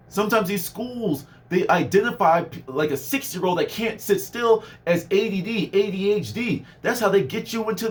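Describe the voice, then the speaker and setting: High-voiced man ranting animatedly. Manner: animated, swings pitch and loudness, mimics people. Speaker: vlogger. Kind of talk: casual ranting monologue.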